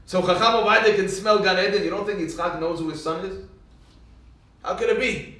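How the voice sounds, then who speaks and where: Male Torah teacher with a high voice, lively storyteller, far from the mic in a very reverberant room. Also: fairly quick. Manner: animated, swings into sudden emphatic rises.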